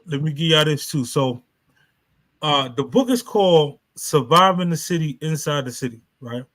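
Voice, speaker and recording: A man talks casually on a live stream, his voice sitting a little high. He rambles loosely, circling back and restarting his sentences, and uses plenty of street slang. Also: expressive, moderate pace, a bit bright, rough recording. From New York. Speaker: author and live stream host.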